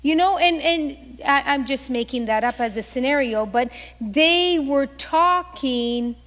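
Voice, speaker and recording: A woman's voice: high-pitched, takes it slowly, a bit bright, big-room sound. A woman pastor preaching a sermon, telling stories animatedly and acting out the voices she quotes.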